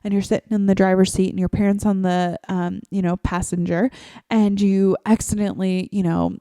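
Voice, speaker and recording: A woman's voice: medium pitch, level tone, normal speed, warm tone, smooth, no room sound, clean studio sound. A woman hosting her own podcast, chatting casually on her own from her favorite chair into a microphone, rambling along with constant "like" fillers. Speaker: podcast host. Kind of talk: casual solo podcast chat.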